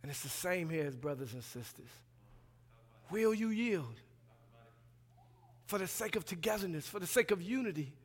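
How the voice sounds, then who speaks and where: A man in his thirties preaching a sermon as a pastoral resident, swinging between loud emphatic passages and quiet asides, colloquial and acting out dialogue. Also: sits high, expressive, normal speed, long pauses, slightly rough. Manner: colloquial, plays out dialogue in voices. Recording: long hall reverb.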